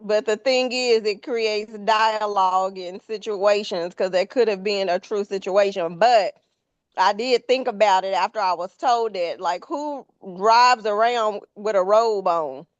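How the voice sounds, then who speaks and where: A woman's voice: mid-range voice, measured pace, no room sound, highs cut off. A woman co-hosting a reaction video, chatting casually and asking a lot of questions.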